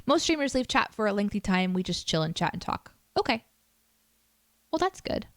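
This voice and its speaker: A woman's voice: medium pitch, sing-song, fast talker, a bit bright, no echo. Woman streamer, casual self-deprecating chat, dry close mic. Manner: chatty, self-deprecating, reads chat aloud.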